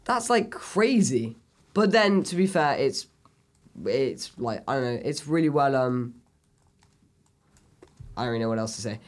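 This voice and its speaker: Casting note: chatty male co-host, excitable film talk, loose and filler-heavy. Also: medium pitch, measured pace, long pauses. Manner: enthusiastic, rambling with many fillers. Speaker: podcast co-host. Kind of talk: casual film review chat.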